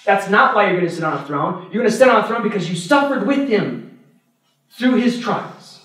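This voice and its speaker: A priest with a high, bright voice gives an animated teaching talk, breaking into laughter as he tells stories. He sounds far from the mic in a very echoey church hall. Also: fast. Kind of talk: adult formation talk.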